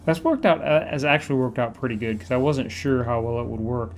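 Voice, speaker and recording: A man's voice: medium pitch, brisk, a little hiss or hum. A man with a Southern American accent hosting a casual chat, telling stories with an easy laugh. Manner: chatty storyteller, laughs easily. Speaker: host. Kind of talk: casual conversation.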